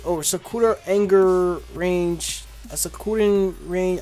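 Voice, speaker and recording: A man's voice: on the high side, moderate pace. A man hosting a casual gaming channel, answering viewer questions in a laid-back, blunt way with lots of fillers. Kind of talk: casual Q&A chat.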